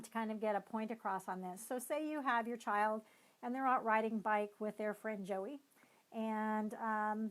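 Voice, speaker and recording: A woman coaching team leaders on a live stream. She talks in a loose, conversational way and explains as she goes, leaning on hedging fillers. Her voice sits at an ordinary middle pitch. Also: poor audio. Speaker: neuropsychologist and team-building coach. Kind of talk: live-streamed motivational talk.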